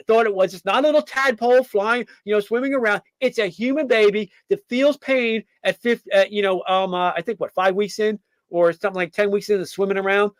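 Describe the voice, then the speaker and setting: A man with a high voice holds forth in an opinionated political monologue, stumbling through ums and false starts as he goes. The sound is dry and close, with no room around it. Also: fairly bright tone, no echo. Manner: rambling, many fillers and restarts; acts out quoted figures in mock voices. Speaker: podcast host.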